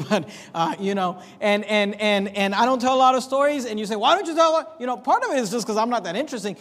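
A man's voice: high-pitched, big-room sound. A man preaching a sermon as pastor of his church, with an emphatic, repetitive cadence. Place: church sanctuary.

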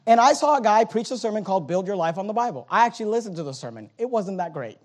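A high-voiced male pastor preaching in a church. He drops low and quiet, then climbs into loud, urgent exhortation, repeating his phrases and stumbling over restarts. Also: sing-song, fast talker. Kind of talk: sermon.

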